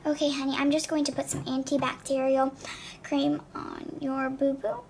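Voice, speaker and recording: A woman voicing a gentle, cheerful school nurse doll who reassures a hurt child. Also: sits high, level tone, moderate pace, background noise. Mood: calm. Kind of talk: doll play narration.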